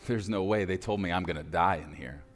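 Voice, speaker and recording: A man voicing a desperate thirteen-year-old boy prisoner, pleading as his voice cracks up high. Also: brisk, in a large hall, faint music behind, lightly acted. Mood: disbelieving.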